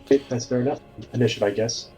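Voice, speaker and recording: A man's voice: mid-range voice, steady tone, racing, mellow, soft background music. A man playing a tabletop game, chatting casually and stumbling over his words with many restarts. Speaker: player.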